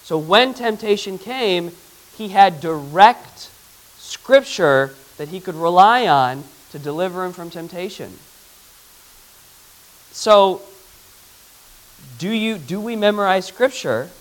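Man, pastor, bible teaching, conversational, asks questions, slightly high voice. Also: lively intonation, low-quality recording. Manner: reads scripture aloud slowly.

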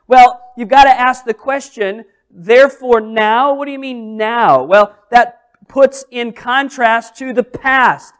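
A man's voice: extremely high pitch, a little slow. A man preaching a sermon as pastor, emphatic, with repeated phrases and rhetorical questions.

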